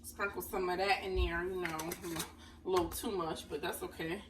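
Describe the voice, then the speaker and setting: A woman with a lowish, steady voice makes dinner in her kitchen, chatting casually to viewers and calling them honey at a moderate pace. The mic is distant, leaving her slightly off-mic with faint room noise.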